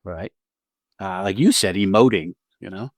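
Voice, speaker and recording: A man co-hosting a podcast about acting, chatting in an animated way, acting out quotes and often laughing. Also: deep voice, normal speed, no room sound, studio quality. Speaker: podcast co-host and acting teacher. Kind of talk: casual conversational podcast chat.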